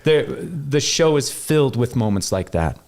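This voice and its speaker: A man from Wyoming tells a story as a guest in a relaxed chat. His voice sits in a middle pitch range. He is animated, and his pitch leaps up sharply whenever he acts out the people in the story. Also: moderate pace, creaky. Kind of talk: casual storytelling.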